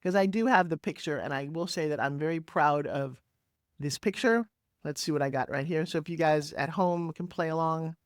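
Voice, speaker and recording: A woman in her sixties, a podcast guest talking over a video call, telling her story in an energetic, emphatic way with big swoops in pitch. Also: moderate pace, no echo, studio quality. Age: 60s. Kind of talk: animated interview storytelling. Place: home office, Florida.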